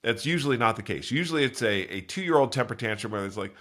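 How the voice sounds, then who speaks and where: A man's voice: lively intonation, fast talker, a bit bright. A man hosting a solo podcast, talking earnestly and in a rambling way while congested from a cold, correcting himself and acting out quoted voices. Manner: acts out quoted voices with big pitch jumps. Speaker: podcast host. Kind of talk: solo motivational talk.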